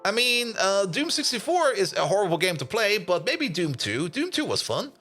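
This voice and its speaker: A man's voice: high voice, big pitch swings, normal speed, bright, forceful tone, soft background music. A man streaming a game, chatting casually with viewers, laughing often and greeting them by name. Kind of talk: casual live-stream chat.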